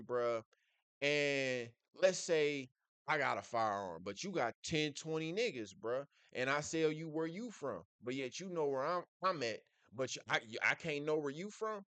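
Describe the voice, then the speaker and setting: A man's voice: medium pitch, a bit bright, clean tone, dry recording. Blunt, profane man riffing on a clip. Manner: blunt, profane street slang, repeats "bruh". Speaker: reaction video host. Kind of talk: casual commentary reacting to a clip.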